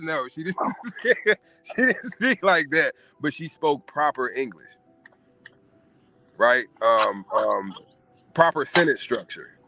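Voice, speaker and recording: A man's voice: mid-range voice, lively intonation, slow, long pauses, bright, forceful tone, no echo, faint music behind. A man hosting a casual podcast, giving emphatic, profane opinions. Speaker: podcast host.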